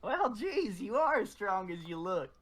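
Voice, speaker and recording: A man's voice: sits high, big pitch swings, measured pace, a bit bright, exaggerated voice. A man voicing a frail, wry male adventurer in a tabletop game, with folksy drawling speech. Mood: wry teasing. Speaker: player.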